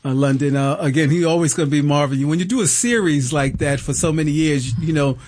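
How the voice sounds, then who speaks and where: A man's voice: fairly high pitch, brisk, darkish tone. A man hosting a college radio interview in an easygoing, affirming way. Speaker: radio host.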